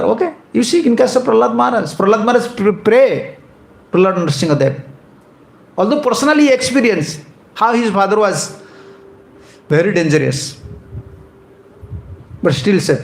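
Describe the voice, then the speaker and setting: High, gravelly preacher. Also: male voice, very animated, moderate pace, echoey room, rough recording. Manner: emphatic, repeats and restarts phrases. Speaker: monk preacher. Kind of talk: devotional sermon.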